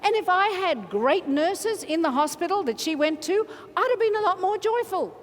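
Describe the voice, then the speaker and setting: A woman motivational speaker, giving an energetic, playful keynote in a large conference hall and leading the crowd in chants. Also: very high voice, moderate pace, a little hiss or hum. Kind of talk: keynote speech to a large audience. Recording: reverberant hall from a stage mic.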